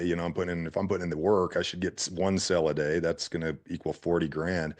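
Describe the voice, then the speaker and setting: A deep-voiced man from Utah tells his business stories at a quick clip. He is an animated guest who slips into quoted voices as he talks. His delivery stays casual and conversational throughout. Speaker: guest entrepreneur. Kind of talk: casual storytelling.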